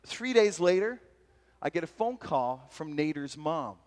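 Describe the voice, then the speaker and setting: A man giving a talk at a retreat, telling personal stories in a lively, self-deprecating way with frequent laughs. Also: a little high, a little slow. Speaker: retreat speaker. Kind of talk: storytelling sermon talk. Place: large hall at a retreat. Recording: long hall reverb from a live talk.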